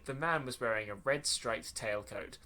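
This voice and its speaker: A man with a bright, forward voice reads a horror story aloud as a podcast host. He stumbles over awkward lines, rereads them and breaks off for dry, mocking remarks. A faint hiss sits under his voice. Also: mid-range voice, moderate pace. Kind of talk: reading aloud with sarcastic asides.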